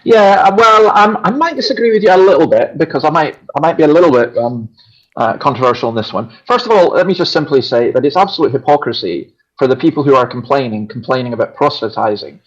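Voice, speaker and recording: A Scottish pastor who is a regular on the show speaks earnestly and emphatically in a conversational religious discussion, often restarting his sentences. His voice is on the high side, animated and fast. The recording has a dull, lo-fi quality.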